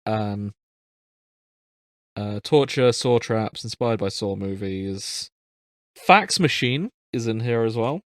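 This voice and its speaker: A man's voice: fairly low pitch, expressive, slow pace, pauses often, no echo, clean studio sound. A man co-hosting a casual podcast chat, joking and laughing at himself. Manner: laughing, self-deprecating banter. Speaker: podcast co-host.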